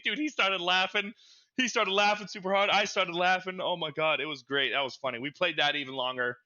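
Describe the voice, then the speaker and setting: A young man co-hosting a casual gaming podcast, telling stories in an animated, stammering way and getting loud when excited. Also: brisk, dull audio. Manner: animated storytelling, gets loud and high when reliving frustration. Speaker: podcast co-host. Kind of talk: casual chat.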